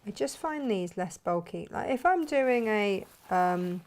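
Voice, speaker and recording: A woman's voice: medium pitch, expressive, unhurried. A woman chatting casually through a sewing tutorial as she works, self-mocking and talkative. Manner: chatty, self-mocking, talks while working. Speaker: sewing vlogger and shop owner.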